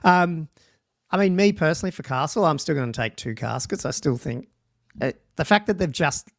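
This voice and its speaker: A man's voice: fairly high pitch, animated, normal speed, creaky, dry recording, studio quality. A man hosting a livestream podcast, reading out rules and thinking aloud in a loose, casual way with ums and restarts. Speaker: podcast host.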